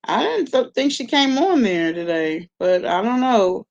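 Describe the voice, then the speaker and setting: A woman's voice: on the high side, big pitch swings, measured pace, creaky, darkish tone, lo-fi sound. Sassy woman talking to her live chat. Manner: sassy, blunt, talks straight to chat. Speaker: live-stream host. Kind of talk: casual live-stream commentary.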